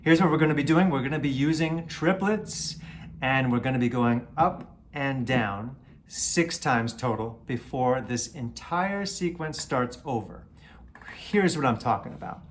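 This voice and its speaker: A man's voice: mid-range voice, a little slow, a little hiss or hum. A man giving a casual guitar lesson, explaining an exercise and counting beats aloud as he plays. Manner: counts beats and chants "triplet" loudly over playing. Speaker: guitar teacher. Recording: guitar playing under the voice.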